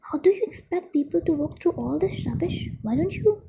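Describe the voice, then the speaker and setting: A woman's voice: very high-pitched, expressive, fairly quick, gravelly, noisy background, voice pushed up, exaggerated voice. A woman reading the part of an indignant male town mayor in a school play, scolding and demanding.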